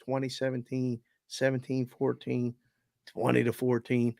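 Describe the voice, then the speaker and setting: A man co-hosting a sports betting show who tells stories in an animated, profane way. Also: mid-range voice, unhurried, creaky, no echo, clean studio sound. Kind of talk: casual sports betting chat.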